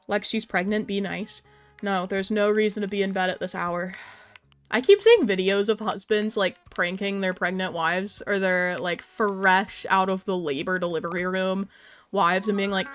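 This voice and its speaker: A woman's voice: medium pitch, normal speed, fairly bright tone, soft background music. A young adult woman hosting a casual live stream, chatting while she plays and answering her viewers' messages aloud.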